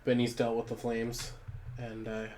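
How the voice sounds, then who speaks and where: A man's voice: mid-range voice, monotone, a little slow, background noise. Rambling, profane man streaming. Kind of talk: casual live-stream narration.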